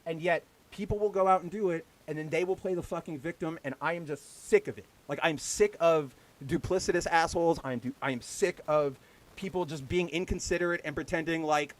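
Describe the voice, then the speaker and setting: A man with a fairly high voice rants on his livestream show. His talk is heated and full of swearing. He mocks the people he complains about with exaggerated quoted voices. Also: fairly quick. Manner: heated, profane, with mocking put-on quotes. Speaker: podcast host. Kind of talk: casual ranting livestream talk.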